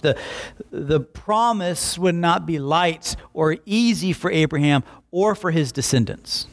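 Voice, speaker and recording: A man preaching a Bible-teaching sermon in an animated way, acting out quick voices for emphasis. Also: on the high side.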